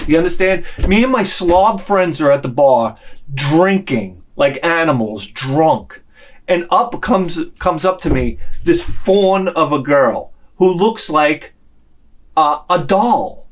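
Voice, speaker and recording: New guy hosting a casual vlog, lively, up-and-down delivery, pitched a bit high, acts out every quote. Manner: animated, swings loud and quiet, acts out quotes. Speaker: channel host.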